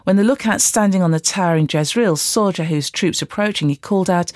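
A Bible reader reading scripture aloud at a steady, even rate. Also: medium pitch, brisk, no room sound, clean studio sound.

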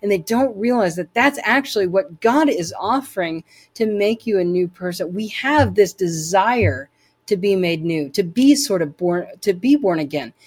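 A woman's voice: mid-range voice, lively intonation, moderate pace, a little mellow, husky. A woman telling her personal faith story as an interview guest, earnest and emphatic, often repeating words as she restarts.

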